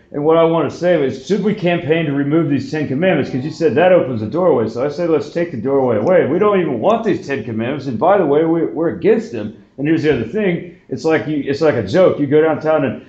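A man hosting a podcast, talking in an animated, indignant way and acting out the voices he quotes. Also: a little high, fast, few pauses. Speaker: podcast host. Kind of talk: heated casual conversation. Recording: echoey room, dull lo-fi sound.

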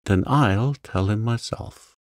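A man voicing a spirited, quick-tempered young woman who speaks sharply and dismissively. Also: fairly low pitch, darkish tone, dry recording, clean studio sound. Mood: excited, scornful.

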